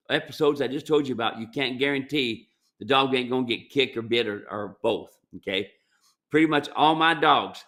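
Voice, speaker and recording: A mule trainer talks through viewer questions in a plainspoken, folksy way, often drifting into stories from working cattle. His voice is bright and a bit tense, with ordinary pitch for a man. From United States. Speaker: mule trainer and ranch owner. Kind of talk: casual Q&A advice talk. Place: ranch.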